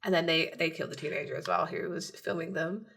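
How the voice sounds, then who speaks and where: A woman's voice: fairly low pitch, steady tone, a little fast, gravelly, fairly bright tone, breathy edge. A woman co-hosting a podcast, chatting casually as she recaps a TV episode, acting out characters' lines and laughing often. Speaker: podcast co-host.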